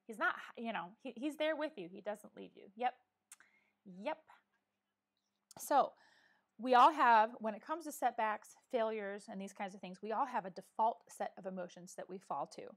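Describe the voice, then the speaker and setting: Here a middle-aged live-stream vlogger talks at normal speed, her voice fairly high. She runs a relaxed live chat, speaking straight to her audience with earnest encouragement.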